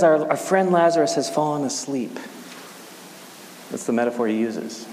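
A man preaching a casual sermon, talking in a conversational, halting way with frequent restarts. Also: fairly high pitch, darkish tone. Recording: echoey hall with faint hiss.

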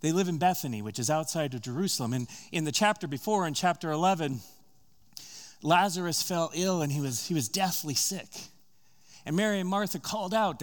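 A man preaching a sermon, retelling a story with conversational asides, rising louder and higher at tense moments and dropping soft and slow.

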